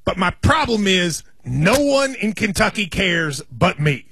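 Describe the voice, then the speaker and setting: Male sports radio co-host, forties, high husky voice, dry close studio sound, eager storyteller. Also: big pitch swings, measured pace, sharp tone, dry recording. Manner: enthusiastic, rambling storyteller. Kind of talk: casual sports radio banter. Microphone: studio microphone.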